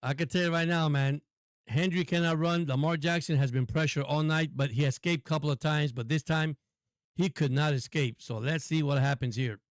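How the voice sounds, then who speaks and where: A man hosts a casual live football stream, giving chatty play-by-play, laughing often and talking to his viewers. His voice is fairly high with fairly even intonation and a fairly quick pace, in clean studio sound with no room sound.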